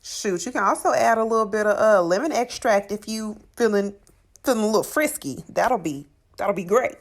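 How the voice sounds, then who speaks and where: A woman's voice: mid-range voice, expressive, normal speed. A woman hosting a cooking channel, talking through her recipe in a sassy, chatty voice-over and calling her viewers honey and child.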